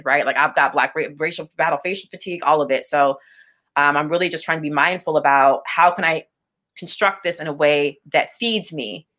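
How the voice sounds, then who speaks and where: A woman's voice: on the low side, fairly bright tone. A young adult woman as an interview guest, speaking candidly with blunt intensity and frequent restarts. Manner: impassioned, blunt, repeats words when starting sentences. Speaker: interview guest, business owner.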